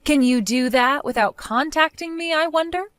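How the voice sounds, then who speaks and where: Woman doing a mocking cartoon daughter-in-law, sarcastic, defiant, fairly high, dry recording. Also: normal speed, no room sound, close to an everyday voice. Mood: cold. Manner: sarcastic, mocking, laughs often. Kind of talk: animated storytime voice acting.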